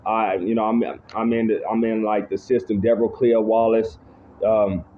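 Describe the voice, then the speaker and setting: A man's voice: lowish voice, level tone, normal speed. A man casually telling his own life testimony, rambling, restarting his sentences and often saying "you know what I'm saying". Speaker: speaker giving personal testimony. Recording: tinny phone-like audio with faint noise.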